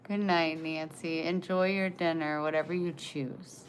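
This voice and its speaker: A woman in her forties hosts a casual livestream, greeting viewers and reading their comments aloud. Her voice is deep and steady in tone, unhurried, with slight background noise.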